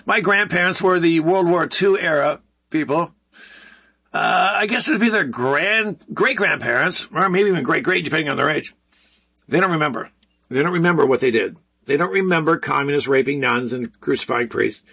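Man, sixties, high husky voice, rambling sarcastic news commentary. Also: expressive, normal speed, sharp tone. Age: 60s. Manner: sarcastic, rambling, mock voices for quoted people. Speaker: commentary show host.

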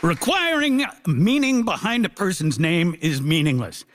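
A man's voice: sits high, sing-song, unhurried, fairly bright tone, a faint crowd. A man delivering a mock-grand comic debate speech on a theatre stage. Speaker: comedian debater.

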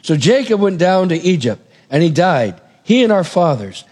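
A man preaching a conversational sermon in a church, retelling scripture stories with animated, acted-out quotes. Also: sits high, normal speed. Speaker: pastor. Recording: long reverb of a hall.

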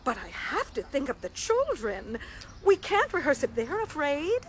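A woman's voice: high voice, wildly swooping pitch, normal speed, a little hiss or hum. A woman voicing a flustered theater director who stammers and dodges questions in an audio drama. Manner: hesitant, stammering.

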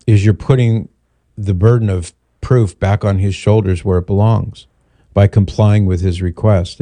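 A man's voice: on the low side, warm tone, no room sound. A middle-aged man hosting a call-in radio show, coaching a caller with rhetorical questions and acted-out dialogue. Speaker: radio talk show host. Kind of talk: call-in advice on faith. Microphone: studio microphone.

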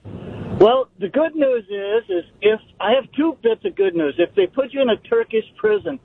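A man's voice: extremely high pitch, animated, moderate pace, husky. A man calling in to a radio show, joking and upbeat. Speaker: caller. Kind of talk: call-in chat. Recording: thin phone line.

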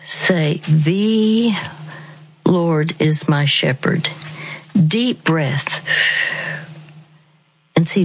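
A woman with a low, husky voice counsels a caller on a radio call-in show. She speaks slowly and haltingly, with many fillers. At times she drops to a soft whisper. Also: poor audio. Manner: slow and halting, full of fillers, sometimes dropping to a soft whisper.

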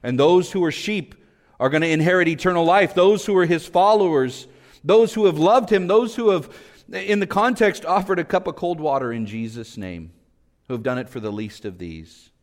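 A man preaching a sermon fervently, rising to emphatic peaks and dropping to hushed low passages. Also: expressive, moderate pace. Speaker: pastor. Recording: long hall reverb.

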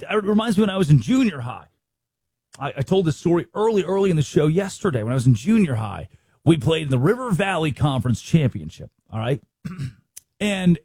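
Animated husky-voiced male sports host. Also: on the high side, dry recording. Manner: emphatic, sarcastic, acts out quotes.

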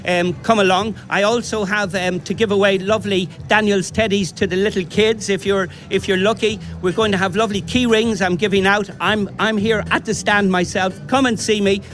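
A man's voice: high voice, steady tone, moderate pace, few pauses, a bit bright. A man from Dublin with a posh Irish accent, a restaurant owner giving an enthusiastic, promotional radio interview in a strong voice. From Dublin, Ireland.

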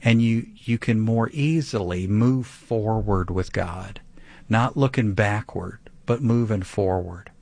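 A man's voice: fairly low pitch, slow, creaky, darkish tone. A man teaching the Bible on a call-in show, earnest and emphatic, with conversational preaching that repeats key phrases for stress. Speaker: radio Bible teacher answering a caller.

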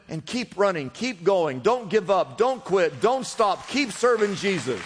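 A man's voice: sits high, very animated, moderate pace, hardly any pauses, fairly bright tone. A man preaching a sermon as pastor, urging his listeners on with repeated exhortations. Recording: long hall reverb.

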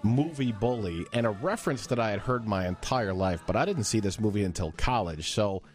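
A middle-aged man talking through a casual countdown with a lively, swooping voice that rises and falls a lot. He tells his stories with energy, jumping into quoted voices as he goes, and faint music plays softly behind him. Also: lowish voice, fairly quick. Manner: animated storyteller, jumps into quoted voices. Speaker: co-host.

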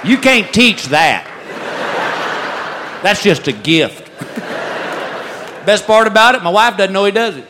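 A man's voice: high voice, animated, slow pace, long pauses. A married man performing stand-up, telling stories in a dry way and swooping into character voices. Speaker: stand-up comedian. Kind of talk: stand-up comedy set. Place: comedy club stage with live audience. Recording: live audience recording with crowd noise.

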